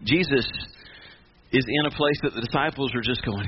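A man's voice: medium pitch, moderate pace, muffled recording, background noise. A male pastor preaching a sermon, driving his points home with repeated refrains.

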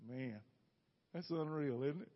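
A man preaching a conversational sermon, folksy and quick to toss rhetorical questions to the room. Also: fairly high pitch, muffled recording. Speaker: pastor.

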